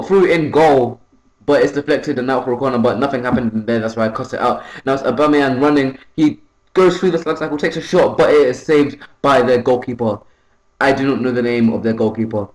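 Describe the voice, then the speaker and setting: A man's voice: mid-range voice, roomy sound, poor audio. A young man giving casual, rambling play-by-play commentary over a football video game, correcting himself often and perking up when a goal goes in. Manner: rambling, self-correcting, excitable on goals. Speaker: gaming YouTuber.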